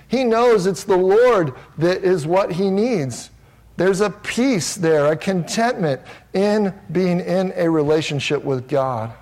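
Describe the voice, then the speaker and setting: A pastor delivers a sermon in an earnest, emphatic manner, his voice sitting a little higher than most men's. He often restarts phrases as he builds his points. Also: a little mellow.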